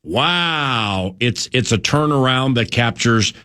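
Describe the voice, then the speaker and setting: A man's voice: on the low side, expressive, normal speed, a bit bright. A man hosting sports radio in a playful, joking way. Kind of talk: casual sports talk. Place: radio studio. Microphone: studio mic.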